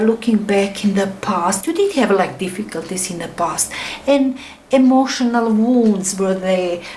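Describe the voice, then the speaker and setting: A woman's voice: mid-range voice, darkish tone, a little hiss or hum, poor audio. A middle-aged woman giving a casual tarot reading in non-native English, rambling and enthusiastic, her phrases often sinking to a near whisper. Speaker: tarot reader.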